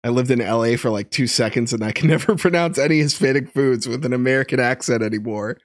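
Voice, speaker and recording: A man's voice: mid-range voice, fast talker, no room sound, clean studio sound. A young man streaming live, chatting casually and laughing as he ranks fruits and reads chat. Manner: chatty and laughing, animated, reading chat aloud.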